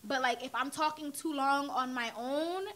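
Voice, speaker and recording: A woman's voice: high voice, normal speed, fairly bright tone. A woman actress, a podcast guest, chatting casually and trailing off with fillers. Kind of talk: casual chat.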